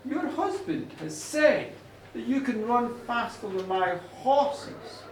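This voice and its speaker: A proud, angry king who hands down threats slowly and with command, as a male storyteller puts him on. His pitch moves up and down a great deal. The sound carries a strong pub echo from a distance. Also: lively intonation, a little hiss or hum, exaggerated voice. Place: pub at a live show. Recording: echoey pub room from far off.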